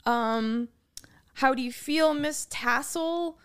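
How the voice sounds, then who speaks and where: Young woman, high voice, laughs a lot telling a story on a casual podcast. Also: slow pace, clean tone. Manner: animated, laughing, reads messages aloud. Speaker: guest.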